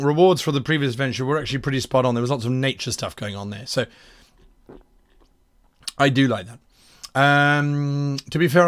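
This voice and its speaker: A man running a workshop as a game master, critiquing adventure submissions in a quick, wry, self-mocking way. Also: medium pitch, a bit bright.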